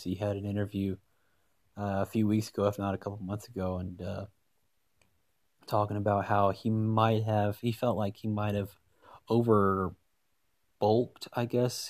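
A man hosts a solo sports podcast in a mellow, low voice. He rambles and gets excited, often restarting his sentences. The sound is close and dry. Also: dry recording. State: hiccups. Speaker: podcast host.

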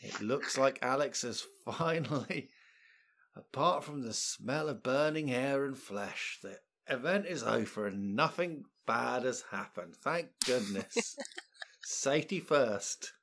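A man running a tabletop game, who narrates events as a jokey, deadpan sports commentator. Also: mid-range voice, slow, creaky, slight background noise. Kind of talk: playful mock sports commentary.

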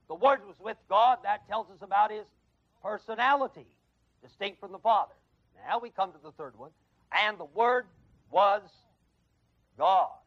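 A man with a high voice and a gravelly edge teaches a Bible class, pressing his points hard and firing questions at the students. The sound is dry and close, on a dull, lo-fi tape from 1979. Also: no echo. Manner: emphatic, quizzes the class with questions. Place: adult education classroom.

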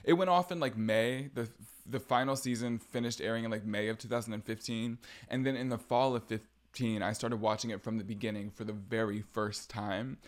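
A man's voice: on the low side, steady tone, brisk, few pauses. A young man hosting a casual solo podcast, chatty and gossipy with sarcastic jabs. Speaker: podcast host.

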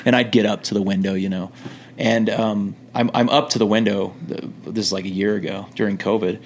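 A middle-aged man with a low, gravelly voice tells loose, joking stories as a podcast guest. He restarts his sentences often and keeps a relaxed, class-clown manner. A faint hiss of noise sits behind him. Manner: laid-back, jokey, quick restarts. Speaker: podcast guest, returned missionary. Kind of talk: casual storytelling.

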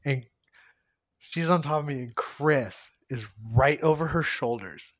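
A man's voice: mid-range voice, a little slow, no echo, studio quality. A young man hosting a podcast, telling a rambling, crude story full of swearing and acted-out quotes. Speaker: podcast host.

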